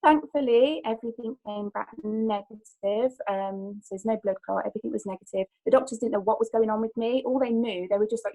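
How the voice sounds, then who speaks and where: A woman's voice: fairly high pitch, a little fast, few pauses, warm tone, rough recording. A woman in her thirties, a personal trainer telling her own story on a group call, rambling with lots of "like"s and restarts.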